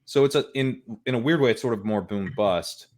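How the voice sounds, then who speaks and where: A man's voice: mid-range voice, a little fast. A man with a mid-range voice appears as a guest analyst in a casual sports discussion. He gives candid, plainly stated opinions and openly concedes when he could be wrong.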